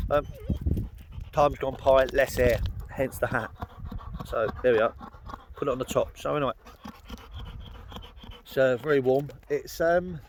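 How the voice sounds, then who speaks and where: A London man with a mid-range voice vlogs from a Welsh hillside, rambling and chatting with plenty of ums and uhs. Dogs are nearby and a little background noise can be heard.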